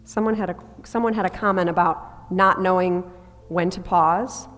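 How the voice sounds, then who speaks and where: A woman's voice: on the low side, steady tone, moderate pace, fairly bright tone, long reverb tail. A woman voice coach teaching a workshop group about breathing, demonstrating sounds and asking the group to try them. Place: large hall with a live group.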